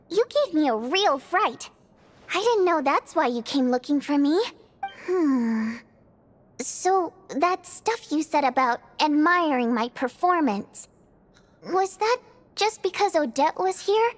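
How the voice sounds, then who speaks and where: A woman's voice: high-pitched, animated, slow. A woman voicing a playful, proud young female stage star in a video game, teasing and chatty. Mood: warm. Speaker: stage performer character.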